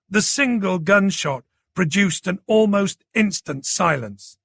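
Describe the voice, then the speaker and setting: A man's voice: high-pitched, lively intonation, slow, vocal fry, hardly any pauses, fairly bright tone, dry recording, studio quality. A man narrating a thriller audiobook in a dramatic, tense manner.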